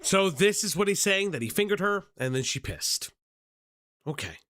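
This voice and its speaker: A man hosting a reaction stream, cutting in with sarcastic, profane comments. His voice is slightly high and bright, and his pitch swings a lot as he talks. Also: big pitch swings, moderate pace. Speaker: commentary host.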